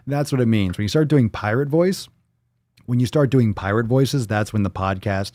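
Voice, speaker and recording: A man's voice: mid-range voice, normal speed, pauses often, darkish tone, no echo, studio quality. A man hosting a live stream, chatting casually in a rambling, joking, profane way. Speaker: host. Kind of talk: casual livestream chat.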